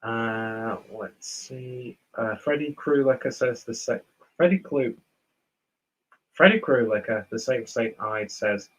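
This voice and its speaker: A man from northern England who speaks with a posh southern English accent hosts a beer review livestream, rambling through viewer comments. He talks slowly and pokes fun at himself in a chatty way, though the audio is poor.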